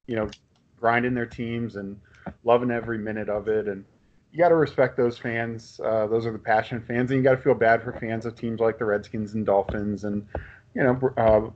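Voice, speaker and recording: A man's voice: fairly low pitch, fairly even intonation, a little fast. A middle-aged man co-hosting a casual sports podcast, laid-back and rambling. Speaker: podcast co-host. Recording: dull lo-fi sound with faint hiss.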